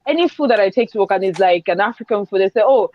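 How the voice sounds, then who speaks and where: A middle-aged woman hosting a casual online group chat, telling stories in a lively, chatty way over a video call. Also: mid-range voice, rapid-fire. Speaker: host. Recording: muffled video call audio.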